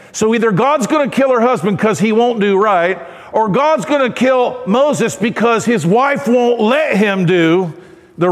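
A male pastor with a high voice, preaching in an animated, conversational manner and often checking that his listeners follow. His voice rings through a church sanctuary with a long, lingering reverb. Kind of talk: sermon.

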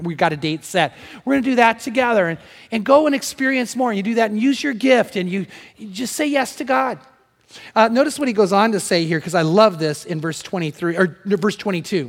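A man preaching a sermon as pastor, animated, moving between loud emphasis and hushed storytelling. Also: sits high, long reverb tail. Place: church sanctuary.

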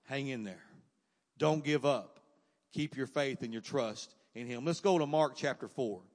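A man preaching a sermon, moving from quiet asides to loud, emphatic cries. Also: mid-range voice, measured pace, big-room sound.

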